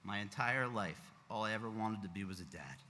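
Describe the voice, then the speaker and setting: A man speaks as a proud father at a ceremony, emotional and close to tears. His voice sits a little low but rings bright and forceful. It carries a long reverb from a large sanctuary with faint noise behind. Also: animated, brisk. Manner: emotional, heartfelt, fighting back tears. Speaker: father of the bat mitzvah girl. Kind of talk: parent's speech read at a ceremony.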